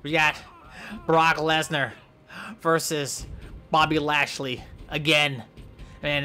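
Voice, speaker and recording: A young man giving goofy, excitable play-by-play commentary over a game, yelping and shouting in mock pain. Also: mid-range voice. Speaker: gameplay commentator.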